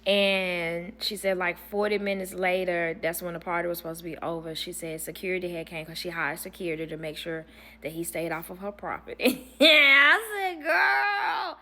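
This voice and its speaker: A woman's voice: lowish voice, level tone, a little fast, a bit bright. A young adult woman retelling a story casually, animatedly voicing the people she quotes. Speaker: storytelling host of an advice channel.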